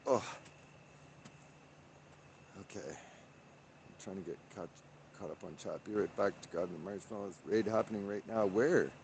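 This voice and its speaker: A man's voice: on the low side, steady tone, a little slow, pauses often, darkish tone, slight background noise. A man chatting on a live stream from the street outdoors, reading viewer comments aloud and rambling with many fillers. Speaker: livestreamer.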